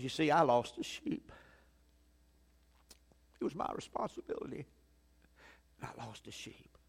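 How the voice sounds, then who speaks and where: A pastor with a fairly high voice delivers a sermon in church, telling his story with big swings from loud, urgent passages to hushed, quiet ones. The sanctuary gives his voice a long, ringing reverb.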